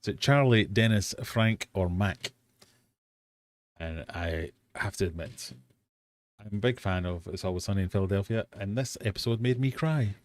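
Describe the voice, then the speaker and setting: A man's voice: fairly low pitch, moderate pace, no room sound. A British man hosting a live-stream quiz from his fish room, reading out questions and chatting with self-mocking dad jokes.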